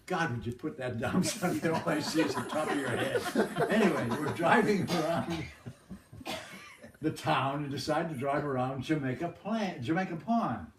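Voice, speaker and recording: An older man from the Boston area telling anecdotes in a chuckling, rambling, folksy way. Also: mid-range voice. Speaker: storyteller. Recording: roomy, distant mic, background noise.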